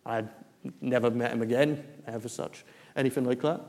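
A man's voice: medium pitch, fairly even intonation, a little fast, darkish tone. A man, preaching a testimony story in a church hall with many fillers and restarts. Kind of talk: sermon testimony.

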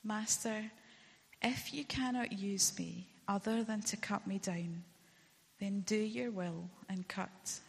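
A devoted, noble bamboo plant pleads with his master, his voice lifted and a little breathy, as a woman reading aloud puts him on. The storybook reading carries a long reverb from a large hall, and the pleas sit higher than the reader's own talk. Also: unhurried, few pauses, heavily acted. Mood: hushed. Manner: pleading, then hushed surrender. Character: proud gentle bamboo plant, male, devoted.

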